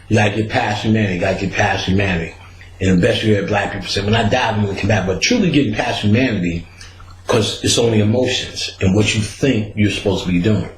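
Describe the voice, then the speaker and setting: A man hosting a podcast, telling a story in a casual, animated way and acting out the quotes. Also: reverberant, a little hiss or hum, rough recording. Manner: animated, acts out quotes with big pitch jumps and laughter.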